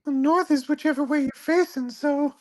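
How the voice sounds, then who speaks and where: A gamer doing a high, squeaky voice for a ditzy, confused young female character. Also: steady tone, moderate pace, lightly acted. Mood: airy. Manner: airy, matter-of-fact nonsense.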